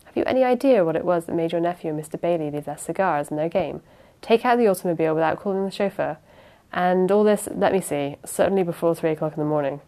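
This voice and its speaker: A woman reading the part of a youngish male detective who presses his questions in a measured, insistent way. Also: on the low side, warm tone, natural voice. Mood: probing.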